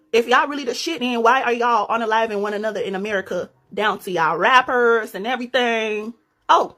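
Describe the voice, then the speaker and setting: A woman's voice: a little high, fairly bright tone. A woman delivering a confrontational rant to camera, scolding with repeated rhetorical questions and profanity. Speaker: commentator.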